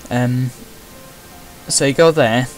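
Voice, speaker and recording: Chatty gamer. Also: male voice, medium pitch, slow pace, faint music behind. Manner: chatty, wry asides. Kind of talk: casual gameplay commentary.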